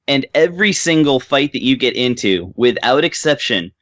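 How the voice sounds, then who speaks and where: A man's voice: mid-range voice, expressive, normal speed, a bit bright, dry recording, highs cut off. A man co-hosting a podcast, chatting casually about a game he reviewed, rambling with lots of fillers. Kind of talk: casual chat.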